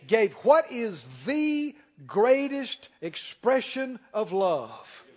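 A man preaching a sermon as pastor, emphatic, slowing down and rising on key lines. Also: high-pitched, animated. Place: church sanctuary. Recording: dull sound with long hall reverb.

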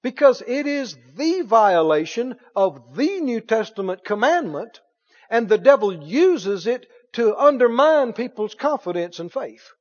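A man preaching a sermon as pastor, reading scripture aloud with animated delivery. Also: extremely high pitch, a little slow. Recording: dull sound in a long-reverb hall.

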